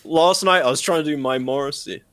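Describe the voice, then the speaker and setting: A man's voice: a little high, brisk, fairly bright tone. A man co-hosting a podcast in casual comedic chat, swearing freely and slipping into mock voices. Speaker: podcast co-host.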